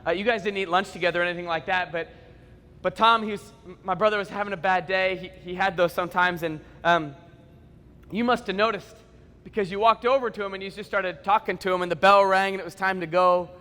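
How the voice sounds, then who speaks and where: A man softly voicing a shy teenage girl. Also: high voice, fairly even intonation, a little fast, big-room sound. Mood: earnest, nervous. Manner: soft, hesitant, many ums.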